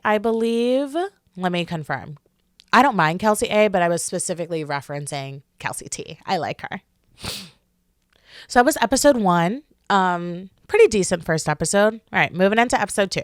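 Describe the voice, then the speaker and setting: A young woman hosting a solo podcast, talking in a chatty, animated way with lots of fillers. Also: on the low side, clear, resonant tone, dry recording, clean studio sound. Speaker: podcast host. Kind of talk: casual solo podcast chat.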